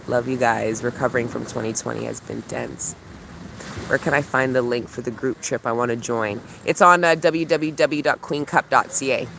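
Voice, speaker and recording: A woman chatting casually on a livestream while she walks home outdoors. She talks warmly to her viewers and reads their comments aloud. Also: extremely low pitch, fairly even intonation, moderate pace, creaky, slight background noise. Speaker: spiritual coach and retreat host. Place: outdoors walking by water.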